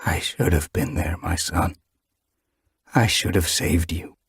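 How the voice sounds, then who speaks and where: Clear Sky, a man growling as a grieving tomcat leader. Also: deep voice, takes it slowly, no echo, studio quality, full character voice. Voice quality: hoarse growl. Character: grieving tough tom cat clan leader.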